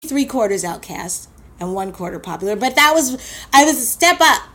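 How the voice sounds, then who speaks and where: A woman from Queens, telling a personal story in a blunt, animated way and swearing freely. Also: on the high side, normal speed, husky, faint music behind. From Queens, New York.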